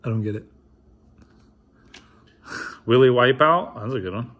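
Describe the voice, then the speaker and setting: A man's voice: mid-range voice, unhurried, a bit bright, muffled recording. A man in his thirties opening trading card packs in a casual vlog, reading names aloud with wry, mumbled asides. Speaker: card opener.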